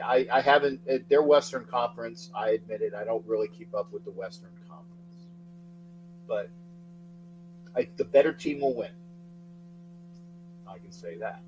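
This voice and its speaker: A middle-aged man hosting a casual sports livestream, excitably shouting out viewers' names and rambling between topics. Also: mid-range voice, slight background noise, rough recording. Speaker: livestream sports talk host.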